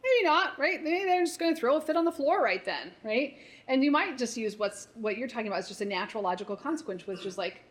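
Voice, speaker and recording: A woman's voice: a little high, lively intonation, fast talker. A woman therapist leading a parent workshop, coaching in a conversational way and often checking in with "right?". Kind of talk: live workshop talk.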